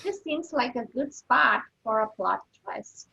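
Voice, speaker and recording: A woman's voice: fairly high pitch, lively intonation, a little slow, vocal fry, bright, forceful tone, slightly rough, exaggerated voice, poor audio. A woman reading the part of an eager playwright who is full of ideas.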